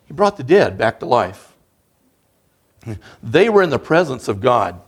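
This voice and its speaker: A man's voice: mid-range voice, big pitch swings, measured pace, husky. Earnest man preaching a sermon. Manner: earnest, conversational preaching with rising emphasis. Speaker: guest preacher.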